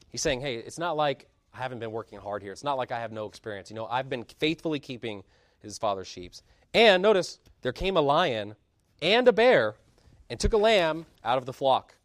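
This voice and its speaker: Impassioned preacher man, swinging loud and low. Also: no room sound, clean studio sound. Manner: impassioned preaching, swings between loud emphatic peaks and low quiet asides. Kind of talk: sermon.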